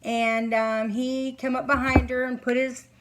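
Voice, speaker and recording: A middle-aged woman talking to camera at home as a psychic reader, earnest and halting, sleepy and yawning. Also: high-pitched, little pitch movement, background noise. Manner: earnest, halting, many fillers. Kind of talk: casual monologue to camera. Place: home, candles lit.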